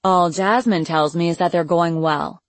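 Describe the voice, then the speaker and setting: A woman's voice: fairly low pitch, moderate pace, no echo, close to an everyday voice. A woman reading an audiobook, voicing a pleasant, prying middle-aged mother who asks sweetly inquisitive questions. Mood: curious.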